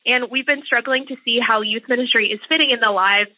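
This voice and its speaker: A woman's voice: fairly high pitch, brisk, no room sound. A woman youth minister speaking candidly about her struggles, recorded over a muffled line. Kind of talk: interview clip.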